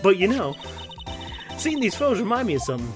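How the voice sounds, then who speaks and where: A man voicing a brash young Southern woman photographer while reading game dialogue aloud, with a put-on folksy drawl and a sassy, loud manner. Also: high voice, very animated, quick pace, voice pushed up. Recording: game music behind.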